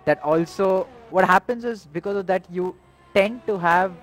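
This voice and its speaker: A man's voice: high-pitched, moderate pace, a bit bright, soft background music, low-quality recording. A man guest explaining car setups to commentators, polite and hesitant, with frequent fillers. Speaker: guest driver. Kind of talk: casual explanation.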